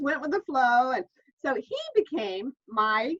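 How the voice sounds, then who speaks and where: This middle-aged woman, an author appearing as a guest, tells stories in a relaxed interview at a measured pace with a high-pitched voice. She's a warm, chatty storyteller who uses lots of fillers and restarts. The call audio is dull and lo-fi.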